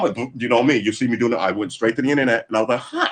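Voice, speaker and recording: A man's voice: mid-range voice, rapid-fire, hardly any pauses. A man chatting casually on a livestream, rambling and swearing, acting out little quoted exchanges as he goes.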